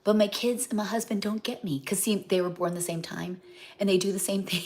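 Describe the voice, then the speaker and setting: A woman's voice: mid-range voice, expressive, a little fast, pushed and bright, slight background noise. A middle-aged woman chatting casually on a livestream as a home cook, rambling and often losing her train of thought, heartfelt and talking straight to her viewers. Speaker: home cook and cookbook author hosting a livestream.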